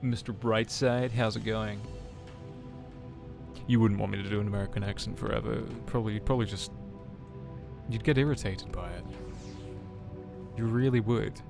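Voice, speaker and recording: A man's voice: on the low side, steady tone, normal speed, creaky, pauses often, music in the background. A man streaming a game, chatting casually in a sweary, joking way. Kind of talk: casual gameplay commentary.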